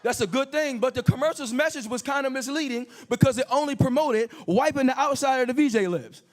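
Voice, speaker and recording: High voiced guy doing crude standup on a club stage, handheld mic, animated. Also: fairly quick. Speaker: stand-up comedian. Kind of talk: stand-up comedy set.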